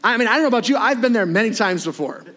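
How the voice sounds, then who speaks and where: A man preaching a sermon in a conversational, animated way, with frequent asides and tag questions to his listeners. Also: very high-pitched, very fast.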